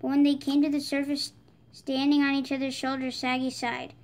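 A woman reading a children's picture book aloud, brightening her voice for the characters' lines. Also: sits high, completely flat delivery, a little fast. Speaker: storybook reader. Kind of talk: children's read-aloud narration.

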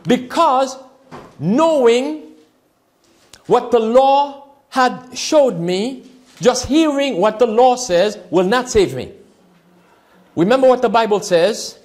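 A man's voice: extremely high pitch, expressive, slow, long pauses. A man preaching a sermon as pastor, reading scripture aloud and often asking the listeners questions in call-and-response.

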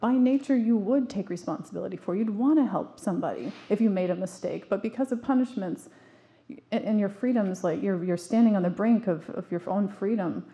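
A woman in her forties speaks to a live audience in a warm, mellow voice. She is earnest and emphatic, often restarting her sentences as she tells stories from her own life. Her pitch sits in an ordinary middle range. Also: brisk. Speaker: parenting speaker. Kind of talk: public talk to an audience.

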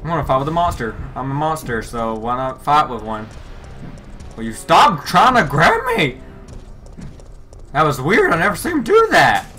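A man giving let's play commentary, excitable, yelping and shouting at the game with mild swearing. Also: on the high side, normal speed, long pauses, slight background noise. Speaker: gamer. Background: faint music.

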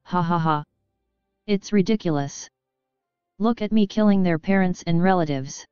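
A cruel male villain leader gloats and taunts his kneeling foes, voiced by a woman narrator. The voice sits low and very clear, dry and close, with a faint music bed under a dull, lo-fi sound. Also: normal speed, darkish tone, no room sound, lightly acted. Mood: gloating. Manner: mocking, gloating.

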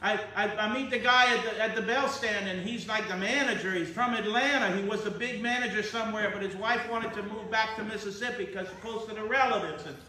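A man pastor telling stories in a sermon, excitable and building up to shouts. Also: sits high, fairly quick, hardly any pauses. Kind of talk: storytelling sermon. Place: church. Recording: echoey sanctuary from far off, faint noise.

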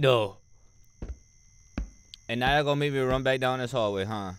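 A man commentating a horror game, swinging between mumbled slangy banter and loud frightened shouts. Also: mid-range voice, normal speed, smooth. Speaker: gamer playing a horror game. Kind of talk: let's play commentary.

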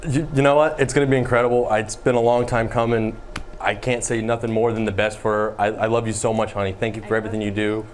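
A young man speaking over a video call, halting and moved. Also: lowish voice, level tone. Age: young adult. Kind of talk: emotional live video call. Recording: video call audio with room noise.

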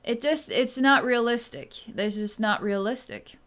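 A woman psychic speaks slowly and hesitantly, pausing often as she tunes in. Her voice is smooth and clear, and it stays soft and quiet as she works through the reading. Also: a little high. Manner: slow, hesitant speech with many pauses and fillers; soft and quiet when tuned in. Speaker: psychic energy healer. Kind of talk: solo reading monologue to camera.

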